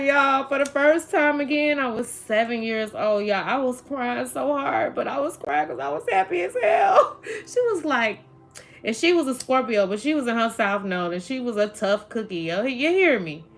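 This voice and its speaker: A woman's voice: a little high, a bit bright. Chatty woman. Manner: chatty, laughs often, addresses viewers as y'all. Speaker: tarot reader. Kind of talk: casual livestream chat.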